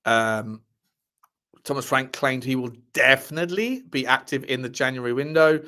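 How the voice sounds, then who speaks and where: A man's voice: medium pitch, moderate pace, pushed and bright. A man hosting a football fan livestream, reading articles aloud with cheeky asides and repeating his phrases. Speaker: host of a football fan show. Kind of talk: casual livestream chat reading transfer news.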